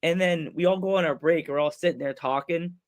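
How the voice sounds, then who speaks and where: A man telling a story on his podcast, in a voice pitched a little high. He talks in a loose, animated way, jumping into other people's voices and laughing along with his own tale. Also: a little fast. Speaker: podcast host. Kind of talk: casual storytelling chat.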